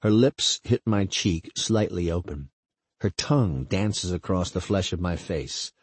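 Husky-voiced man reading intimately. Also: low voice, expressive, no echo. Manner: slow, intimate, halting phrasing. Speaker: narrator. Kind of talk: first-person literary reading.

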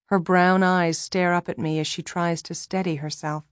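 A woman reading a first-person novel aloud in a low voice, with a wry, measured delivery. The recording is close and dry, with no room sound. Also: little pitch movement, no room sound. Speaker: audiobook narrator.

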